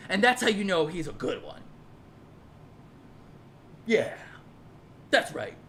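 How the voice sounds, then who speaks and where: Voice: medium pitch, very animated, takes it slowly, a bit bright, slight background noise. A speaker telling a personal story in a casual monologue, heated and profane, rambling with frequent repeats and restarts.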